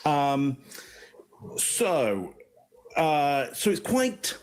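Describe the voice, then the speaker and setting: A man in his fifties giving measured, explanatory commentary as a body language analyst. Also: fairly high pitch, very animated. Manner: explanatory, measured, occasional chuckles.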